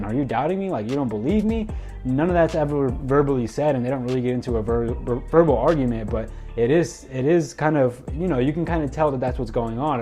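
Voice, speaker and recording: A young man rambles through a casual recap of a wrestling show, using lots of fillers and loosely acting out what the wrestlers said. His voice is mid-range with a dark tone.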